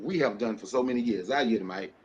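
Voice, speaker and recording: Here a man with a fairly low, husky, darkish voice talks fast. He's a panelist on a podcast livestream, preaching with rhetorical questions in impassioned commentary, captured in dull lo-fi stream audio.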